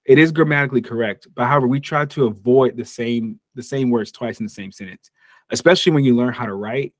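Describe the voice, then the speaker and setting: A man's voice: mid-range voice, quick pace, no room sound, studio quality. An American man teaching an online English lesson in a casual, joking way, stopping to act out little example dialogues. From United States. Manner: casual and jokey, acts out short example dialogues.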